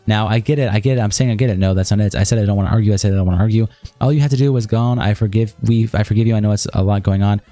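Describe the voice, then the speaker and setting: A man's voice: lowish voice, racing, mellow, dry recording, soft background music. A man streaming, rattling off both sides of a heated text argument aloud with little acting. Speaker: streamer reading a document aloud. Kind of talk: rapid reading aloud of a chat log.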